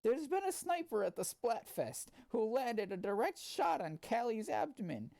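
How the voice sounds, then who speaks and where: A man voicing an excitable male news reporter in a higher, strained, stumbling read. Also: moderate pace, vocal fry, no echo, exaggerated voice. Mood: breathless.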